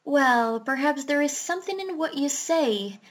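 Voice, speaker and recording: A woman voicing a kind, absent-minded male doctor in a storybook reading, speaking slowly in a gentle murmur. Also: high-pitched, animated. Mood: mild.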